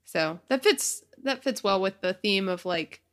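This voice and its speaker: Woman, thirties, podcast co-host, easygoing and agreeable, quick to laugh. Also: mid-range voice, expressive, fairly bright tone. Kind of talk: casual chat.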